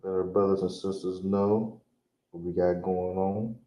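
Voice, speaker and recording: A man with a Chicago accent teaching an online language class, saying words slowly and repeating them, often checking that listeners understand. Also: low-pitched, level tone, dark tone. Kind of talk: online language lesson, livestream. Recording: roomy echo, distant mic, faint noise.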